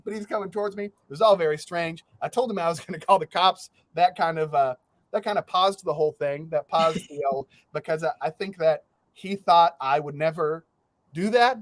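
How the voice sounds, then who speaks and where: Brief: male podcast host, younger adult, lively storyteller with a slightly raised pitch, dry close mic. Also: fairly quick, no room sound. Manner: animated, laughs through his stories, swears freely. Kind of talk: casual storytelling chat.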